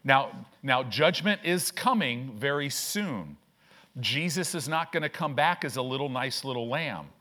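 A man's voice: medium pitch, lively intonation, measured pace, sharp tone. A middle-aged male pastor preaching a sermon, stretching key phrases out and turning often to the congregation with asides.

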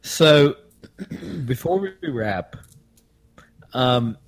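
A man hosting a casual podcast, talking in a relaxed way with a few pauses. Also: medium pitch, vocal fry. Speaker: podcast host.

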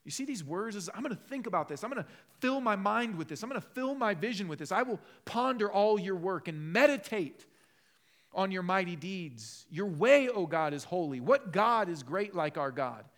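A man preaching a sermon as pastor, passionate, swinging from loud emphatic peaks to low conversational asides. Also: lively intonation, normal speed.

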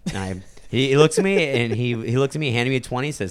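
A man's voice: medium pitch, lively intonation, fast, clean tone. A young man in casual chat who swears freely and acts out the people in his stories. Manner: swearing storyteller, acts out voices.

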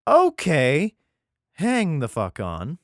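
A man's voice: fairly high pitch, wildly swooping pitch, very slow, no room sound, clean studio sound. A man hosting a casual podcast who reads aloud and comments in profane, rambling, exasperated asides. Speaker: podcast host. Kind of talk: casual Bible reading podcast.

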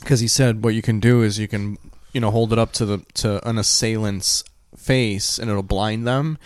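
Man, low voice, dry close sound, relaxed podcast chat, deliberate. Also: clean tone, no room sound. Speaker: podcast co-host. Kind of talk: casual chat.

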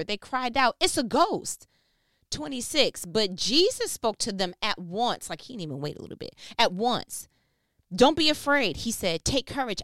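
A woman teaching from the Bible in a loose, slang-filled way, playing both the person praying and God's answer. Her voice is smooth and a little high. The sound is close and dry. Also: fairly bright tone, no room sound. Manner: acts out prayers and God's replies in quick back-and-forth; slangy and playful. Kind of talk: casual Bible reflection.

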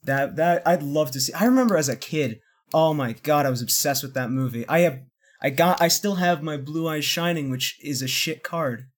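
Excitable young man, stammering chat. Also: on the high side, moderate pace. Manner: excitable, stammering, laughs often. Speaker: podcast co-host. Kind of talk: casual podcast chat.

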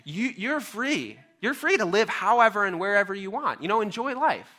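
A man's voice: high-pitched, sing-song, moderate pace, pushed and bright, pitched above the performer's own voice, full character voice. A man voicing God as kind and permissive, speaking to a fish in a sermon story. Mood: reassuring. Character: kindly male God, reassuring.

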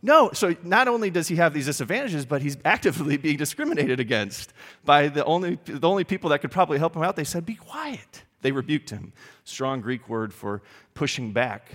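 A man preaching a sermon in an animated, emphatic way, often putting questions to his congregation. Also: fairly high pitch, brisk, long reverb tail. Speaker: pastor.

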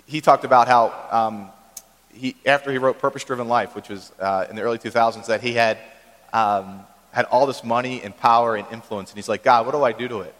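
A man preaching a sermon in a church, talking conversationally and checking in with the congregation with quick asides. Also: mid-range voice, steady tone, fairly bright tone, big-room sound. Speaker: pastor.

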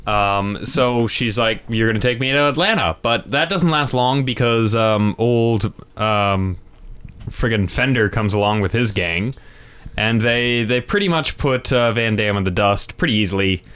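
Low-voiced man rambling through a film recap. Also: measured pace, a bit bright, clear, resonant tone. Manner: rambling, lots of ums and uhs. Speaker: podcast co-host. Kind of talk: casual movie recap chat.

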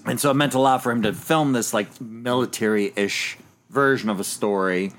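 A man's voice: medium pitch, normal speed, fairly bright tone. A man co-hosting a podcast, rambling through a movie review in casual, profane chat. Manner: rambling, profane, lots of fillers. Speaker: podcast co-host.

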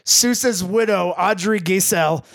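A man's voice: high voice, a little slow, creaky, fairly bright tone, no echo, clean studio sound. A man co-hosting a casual comedy podcast, reading award lists and trivia and quizzing the others. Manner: reads award lists and trivia, teasing quiz questions. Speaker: podcast co-host reading movie facts.

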